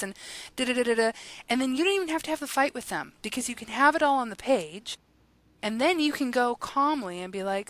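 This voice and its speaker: A woman guest on a podcast, talking in a casual, animated way about her work and laughing often. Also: a little high, brisk, dry recording. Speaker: guest, guided journal creator and coach.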